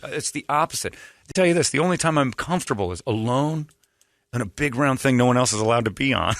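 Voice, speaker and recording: Sarcastic podcast host, bright voice. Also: male voice, mid-range voice, brisk, no room sound, studio quality. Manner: sarcastic, animated storyteller. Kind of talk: casual podcast chat.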